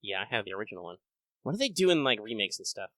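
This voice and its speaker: Animated swearing man, bright voice. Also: fairly low pitch, no echo. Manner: animated, swearing, quick impressions. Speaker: podcast co-host. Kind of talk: casual chat.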